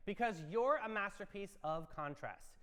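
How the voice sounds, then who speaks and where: A man's voice: sits high, lively intonation, normal speed, a bit bright, smooth. A man co-hosting a morning show, reading playful horoscopes and telling a funny story in an upbeat, theatrical way. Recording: long reverb.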